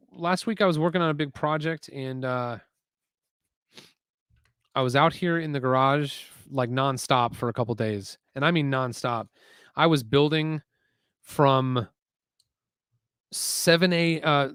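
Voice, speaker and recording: A man's voice: mid-range voice, clear, resonant tone, no room sound, studio quality. Chatty man on a building stream. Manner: chatty, muses aloud, reads chat messages. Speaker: LEGO building livestream host. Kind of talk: casual livestream chat while building. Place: home garage.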